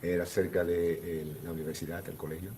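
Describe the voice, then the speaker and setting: A man with a very deep voice interpreting in court, moving quickly and briskly between questions and answers. There is a faint hum of noise behind him. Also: little pitch movement, mellow. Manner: quick and businesslike, with frequent "uh" fillers.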